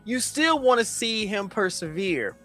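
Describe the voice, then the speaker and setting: A man co-hosting a casual comic review podcast, animated and profane, acting out characters as he talks. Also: high-pitched, a little slow, soft background music. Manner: animated, profane, acts out characters mid-story. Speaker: podcast co-host.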